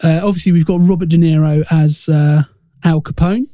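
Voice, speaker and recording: Podcast co-host, male, mellow dark tone, higher pitch, dry close sound, halting delivery. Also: steady tone, no room sound. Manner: hesitant, restarts phrases often. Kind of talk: casual film chat.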